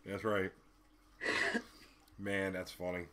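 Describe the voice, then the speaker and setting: A man's voice: deep voice, flat delivery, very slow, over a noisy crowd. A man co-hosting a casual podcast chat, joking around and laughing often.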